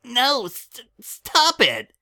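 A man reading a story aloud and voicing a cheerful, giggly young colt boy in an excited, squealing way. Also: on the high side, a little slow, pitched above the performer's own voice, full character voice.

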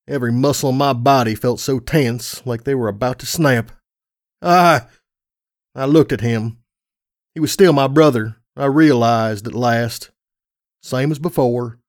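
In a clean, dry studio recording, a man narrates a first-person fan story in an earnest, dramatic way. His voice is medium in pitch and a little mellow, with fairly even intonation at normal speed.

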